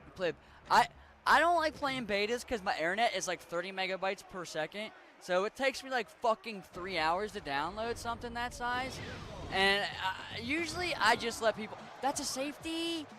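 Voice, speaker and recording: Young dude from western maryland, pittsburgh-ish country accent, rambly swearing game chat, kinda high voice. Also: male voice, lively intonation, moderate pace, sharp tone, a little hiss or hum. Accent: western Maryland, Pittsburgh-Appalachian mix. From western Maryland, USA. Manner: rambling, chatty, swears casually. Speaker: streamer. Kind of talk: casual chat while gaming.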